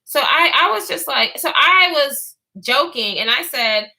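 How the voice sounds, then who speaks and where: A woman's voice: high voice, expressive, normal speed, few pauses, pushed and bright, rough recording. A woman vlogger telling a rambling story in casual talk, full of fillers and swearing.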